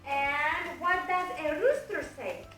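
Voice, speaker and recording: A woman teaching a small child in a slow, exaggerated, sing-song way, prompting words and animal sounds. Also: sits high, bright, forceful tone, far from the mic. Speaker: teacher and parent. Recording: echoey room, off-mic, faint music.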